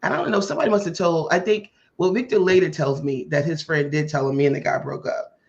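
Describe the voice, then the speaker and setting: A woman hosting a podcast tells a personal story in a relaxed, chatty way. She slips into the voices of the people she quotes and acts out their lines with energy. The recording sounds muffled and lo-fi. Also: low voice, fast talker. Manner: animated, acts out quoted dialogue. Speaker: podcast host. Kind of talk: casual storytelling chat. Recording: muffled lo-fi audio.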